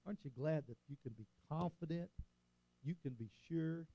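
A man's voice: fairly high pitch, normal speed, dark tone, no room sound, lo-fi sound. An older man preaching a sermon as a pastor, rising and falling for emphasis and calling out "Amen?" to the congregation.

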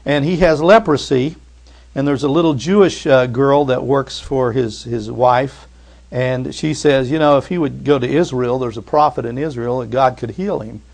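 A man delivering a sermon at a mid-range pitch, talking through the story in an easy, conversational way. Now and then he climbs into loud, emphatic bursts before settling back down to a quieter, earnest tone. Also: normal speed. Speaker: pastor.

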